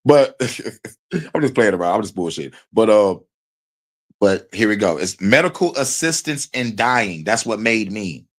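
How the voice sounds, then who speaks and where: A man's voice: on the low side, lively intonation, takes it slowly, long pauses. A man hosting a stream, reacting to a video with heated, profane, rambling commentary.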